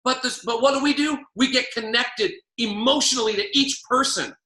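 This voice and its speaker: A man's voice: extremely high pitch, moderate pace, bright, forceful tone, reverberant. A man coaching on a call, emphatic and preachy, driving his points home by repeating key lines. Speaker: network marketing coach.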